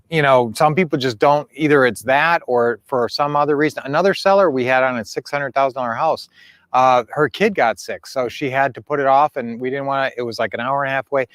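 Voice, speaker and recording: A man's voice: medium pitch, fairly bright tone, no room sound. Folksy middle-aged man coaching, dry sound. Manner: rambling, folksy, full of fillers. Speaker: real estate coach, show host. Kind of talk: casual coaching livestream.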